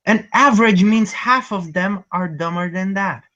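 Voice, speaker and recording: A man talking as a guest in a casual online group chat, quick and stammering, with sarcastic quips. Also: sits high, sharp tone. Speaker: guest panelist. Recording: muffled lo-fi video-call audio.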